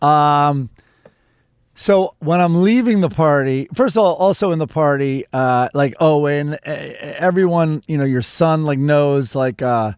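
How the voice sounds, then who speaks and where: A man's voice: fairly high pitch, unhurried, darkish tone, clear, resonant tone, no room sound, clean studio sound. A man co-hosting a podcast, telling rambling stories with joking asides in casual chat. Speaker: podcast co-host.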